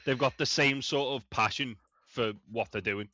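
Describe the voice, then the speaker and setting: A man's voice: medium pitch, moderate pace, bright, forceful tone, dry recording, lo-fi sound. A man co-hosting a podcast, chatting casually and swearing freely. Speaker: podcast co-host. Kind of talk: casual chat.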